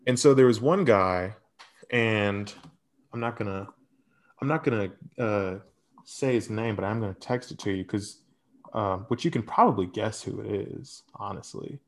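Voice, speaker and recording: A man's voice: on the low side, moderate pace. A young adult man co-hosting a podcast, telling personal stories in a candid, profane, casual way. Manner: candid, profane, animated storyteller. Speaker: podcast co-host.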